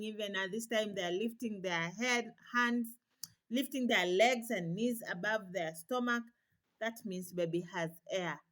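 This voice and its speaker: A young woman with a slightly high, somewhat bright voice vlogs casual parenting advice for mothers. She's chatty and reassuring, occasionally imitating a baby's cries.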